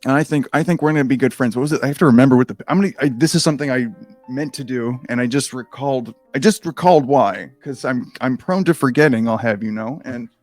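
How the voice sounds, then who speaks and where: A man's voice: mid-range voice, quick pace, a little mellow, no room sound, soft background music. A man reading a gamebook aloud on a close microphone, breaking off into rambling, swearing, self-deprecating asides. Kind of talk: casual reading with rambling commentary.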